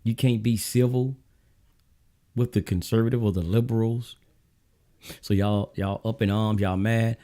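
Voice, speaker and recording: A Southern US man delivers a blunt, preachy political monologue, talking straight to his viewers. His voice sits low, with a mellow, dark tone. He repeats his points like a street-corner sermon. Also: steady tone, unhurried, long pauses. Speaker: show host.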